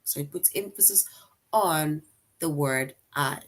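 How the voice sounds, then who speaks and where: A woman's voice: sits low, unhurried, low-quality recording. A woman teaching a recorded grammar lesson, explaining step by step, repeating her example sentences and often checking in with "right?".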